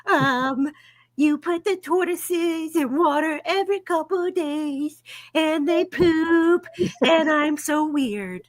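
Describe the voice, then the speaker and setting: A woman's voice: high voice, slow, no room sound. A woman on a casual comedy stream, giggling and rambling. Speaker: panelist. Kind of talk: casual livestream banter.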